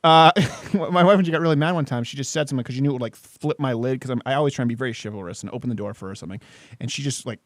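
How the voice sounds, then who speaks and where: A man's voice: medium pitch, very fast, no echo, clean studio sound. A man hosting a talk show, telling stories animatedly and laughing often in casual chat.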